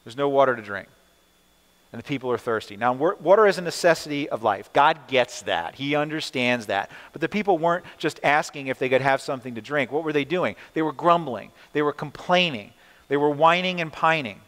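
A man's voice: on the high side, animated, a little fast, a bit bright. A male pastor preaching a sermon, asking rhetorical questions and acting out the people and God in short quoted lines. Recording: long hall reverb.

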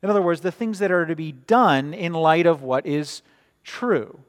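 A pastor with a lively voice on the high side preaches at normal speed in a reverberant church sanctuary. He keeps it conversational, regularly tossing "right?" out to the congregation.

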